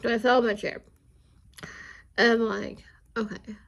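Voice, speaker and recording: A woman chatting casually with viewers while she inks a drawing, rambling and chatty, with a high squeaky voice. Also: level tone, moderate pace, gravelly, dull audio. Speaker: art channel host.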